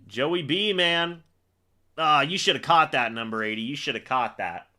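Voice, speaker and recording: A young man hosting a live fan reaction stream, calling the plays as he watches and getting excitable on big moments. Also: a little high, normal speed. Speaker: fan livestream host.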